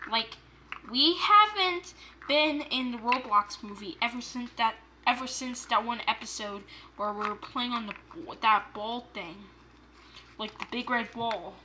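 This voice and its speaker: Woman storyteller for homemade toy play; high, sing-song delivery, playful, with a faint hiss behind. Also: unhurried, sharp tone. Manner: playful, play-by-play narration with gasps.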